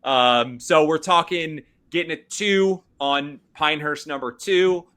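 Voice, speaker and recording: A man's voice: fairly high pitch, a little slow, a bit bright, clear, resonant tone. A man co-hosting a golf podcast, laid-back in casual chat, with dry humor. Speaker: podcast co-host.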